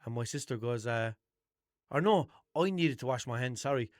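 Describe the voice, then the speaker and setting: Casting note: young Limerick Irish man, mid-pitched, chatty and sweary, unscripted podcast monologue, dry close sound. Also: lively intonation, normal speed, dry recording. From Ireland. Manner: chatty, swears a lot, rambling storytelling with restarts. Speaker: podcast host.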